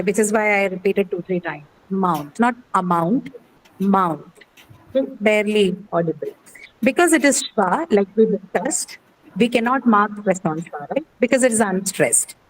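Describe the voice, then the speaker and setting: A woman's voice: mid-range voice, a little hiss or hum, low-quality recording. A woman teaching pronunciation in an online class, patient and step by step, repeating words and asking "okay?". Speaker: English teacher.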